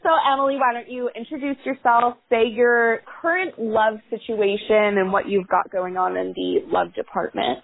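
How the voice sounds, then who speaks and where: A woman's voice: on the high side, normal speed, creaky, hardly any pauses, no room sound. A woman hosting a podcast in a playful, teasing, self-mocking way. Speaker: podcast host. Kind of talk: casual chat. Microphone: phone call. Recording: tinny phone line.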